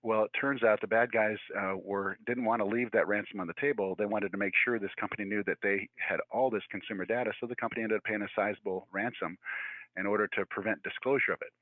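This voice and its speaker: A man, likely in his sixties, giving a virtual presentation in a fast, conversational way with many fillers and restarts. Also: lowish voice, steady tone, no room sound. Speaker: guest speaker. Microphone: video call. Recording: tinny phone-like audio, dry.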